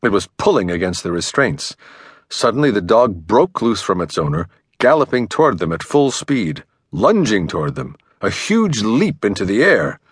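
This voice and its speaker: Expressive low-voiced male narrator. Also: normal speed, slightly rough, no echo. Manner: dramatic, expressive reading. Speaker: audiobook narrator. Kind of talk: scripted narration. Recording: dry studio recording.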